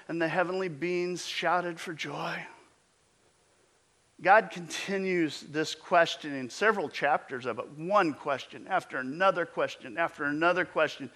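A middle-aged man preaching a sermon in an animated, emphatic way, often restarting his phrases. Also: a little high. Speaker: pastor.

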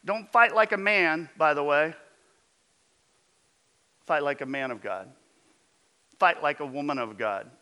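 A male pastor preaching to his congregation at a deliberate, unhurried pace. His tone is bright and forceful, and he swings between emphatic calls to action and low, intense asides. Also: smooth. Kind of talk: sermon.

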